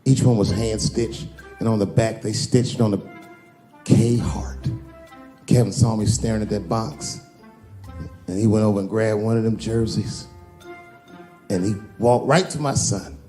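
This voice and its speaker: A man's voice: fairly low pitch, unhurried, long pauses, faint music behind. A man telling a story in a stand-up comedy set. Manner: lively, animated storytelling.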